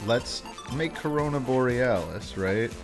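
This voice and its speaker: A man's voice: mid-range voice, lively intonation, a little slow. A man streaming a video game live, chatting casually and thanking his viewers as he plays at home on a desk mic. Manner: chatty, reads and thanks chat. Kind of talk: casual live-stream chat while gaming. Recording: game music playing underneath. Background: game music.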